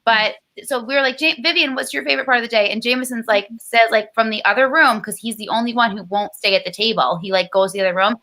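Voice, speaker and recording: A woman's voice: on the high side, fast talker, few pauses, bright, forceful tone. A woman in her thirties chatting casually on a video call, rambling and swearing, full of "like". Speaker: guest. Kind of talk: casual chat.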